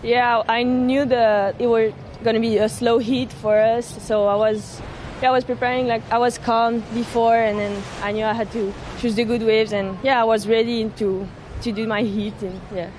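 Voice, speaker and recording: Young woman surfer, french accent, highish flat voice, short halting answers. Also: a little hiss or hum. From French Polynesia. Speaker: pro surfer.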